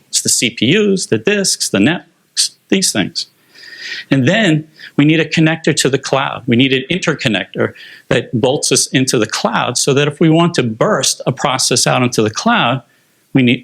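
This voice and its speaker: A man's voice: mid-range voice, fairly bright tone. A man giving a conference presentation on technology, explaining slides step by step with frequent fillers.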